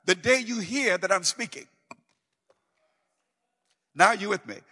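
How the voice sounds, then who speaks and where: A man preaching a sermon, emphatic and repetitive, swinging from loud declarations to hushed pleading. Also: high-pitched, big-room sound.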